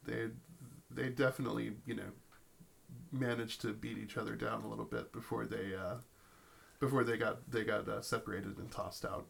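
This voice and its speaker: A male game master narrates a tabletop campaign in a gravelly, creaky mid-range voice. He stumbles into restarts and fillers as he spins the scene. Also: on the low side, level tone, moderate pace, fairly bright tone, slight background noise. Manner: storytelling with many fillers and restarts.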